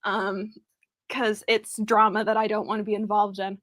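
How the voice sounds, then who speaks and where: A woman's voice: mid-range voice, little pitch movement, moderate pace, fairly bright tone, no room sound, studio quality. A woman hosting a casual chat, talking freely with many fillers. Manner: chatty, many fillers and laughs. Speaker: podcast host.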